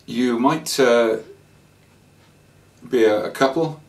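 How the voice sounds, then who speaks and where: Rambling man, slightly distant mic. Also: mid-range voice. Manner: rambling, halting with many fillers and restarts. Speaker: traveller sharing scam warnings. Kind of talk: casual spoken anecdote.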